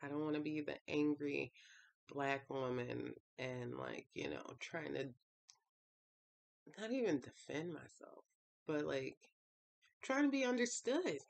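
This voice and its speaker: A woman's voice: extremely low pitch, slow pace, creaky, long pauses, darkish tone. A woman vlogger talking casually and emotionally about her feelings, sighing often and rambling with many fillers. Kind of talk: casual confessional talk.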